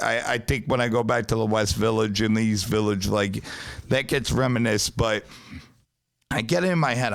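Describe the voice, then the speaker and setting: A man with a New York accent telling a long story on a podcast in a casual, profane, animated way. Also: on the low side, gravelly. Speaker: pizzeria owner, podcast guest. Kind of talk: casual chat.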